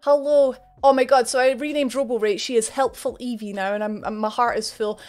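Young female streamer, high-pitched, playful and upbeat, casual chat. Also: a little fast, hardly any pauses, darkish tone. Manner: bubbly and playful, jokes with chat. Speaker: live streamer. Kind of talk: casual chat greeting viewers.

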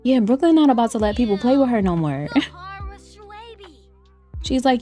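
A woman's voice: a little high, lively intonation, normal speed, mellow. A woman giving casual, playful let's-play commentary. She talks straight to her viewers, teases the game characters and laughs often. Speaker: gameplay streamer. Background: faint lo-fi music.

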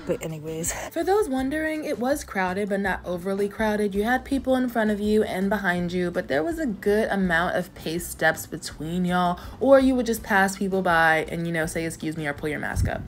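A woman vlogging on a hiking trail, chatty and enthusiastic, with slangy asides and at times out of breath. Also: medium pitch. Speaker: travel vlogger. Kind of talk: casual vlog narration and on-the-go talk.

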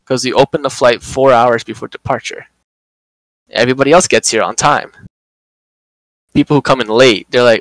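A young man hosting a podcast, telling a work story in casual, animated chat, swearing a lot and acting out quotes. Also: mid-range voice, moderate pace, long pauses, no echo, poor audio.

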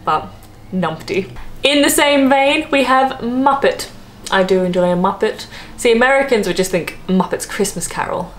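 A woman's voice: fairly high pitch, animated, normal speed, a little hiss or hum. A young Australian woman chatting casually to camera as a vlogger, laughing often and drifting into asides.

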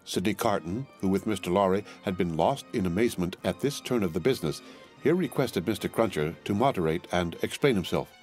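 Low-voiced male audiobook narrator. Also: lively intonation, a little fast, a little mellow, soft background music. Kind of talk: scripted narration of a classic novel.

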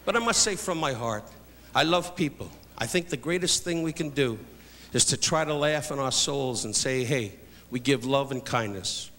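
An older man doing live insult stand-up on a theater stage, loud and brash as he barks jabs at the audience. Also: a little high, animated, normal speed, in a large hall. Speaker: insult comedian. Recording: live theater show, loud crowd and noise. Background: loud audience laughter.

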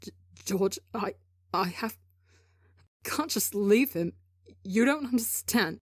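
A woman voicing a desperate young man who pleads, sometimes dropping to a hushed whisper. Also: medium pitch, lively intonation, takes it slowly, dry recording, studio quality. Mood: distraught. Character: desperate young man searching for his friend.

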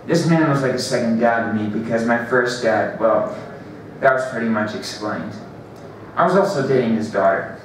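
A man's voice: medium pitch, a little hiss or hum. A man reading his own first-person story aloud at an open mic, stumbling and correcting himself as he goes. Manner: halting, restarts and corrects himself. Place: library event room. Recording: very echoey room, distant mic.

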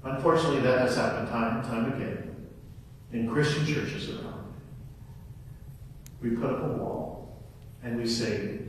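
A male pastor giving a sermon, retelling scenes in an animated storytelling manner, recorded in a church. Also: medium pitch, unhurried, long pauses, slight background noise. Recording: echoey hall from far off.

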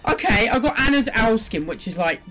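A gaming video creator reacting while opening loot boxes. They swing between glum muttering, pleading with the game, and excited shouting. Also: mid-range voice, fairly quick, soft background music.

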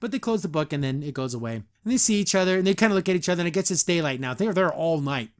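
High-voiced man reviewing a cartoon. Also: racing. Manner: animated, rambling, frequent laughs and "like". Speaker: podcast host. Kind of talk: casual episode review.

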